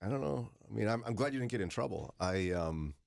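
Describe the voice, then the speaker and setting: A male radio host with a lowish voice that rises and falls a lot as he tells stories. He jokes about himself in a dry way during casual morning studio chat. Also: expressive, brisk, creaky, a little mellow. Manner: storytelling, dry self-deprecating humor.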